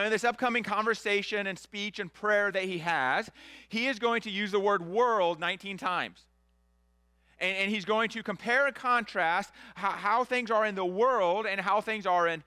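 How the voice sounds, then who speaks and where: A middle-aged man preaches with a bright, ringing voice that sounds crisp and clean. The sound is close and dry, with no room echo. He talks to the congregation in an easy, conversational way, rising to loud animated bursts and dropping to near-hushed quiet. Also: high-pitched. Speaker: pastor. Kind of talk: sermon.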